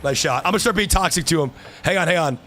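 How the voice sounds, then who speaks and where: A young man streaming a car-soccer match, trash-talking opponents and yelling at his teammates. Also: on the high side, fast talker, faint music behind. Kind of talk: live gameplay commentary.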